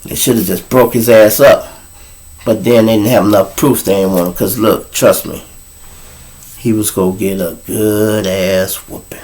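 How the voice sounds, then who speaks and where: This time the man's voice is fairly low, moving at a normal speed over low-quality audio. He's a Chicago podcast host with a long, casual, foul-mouthed story, and he animatedly acts out the words of others.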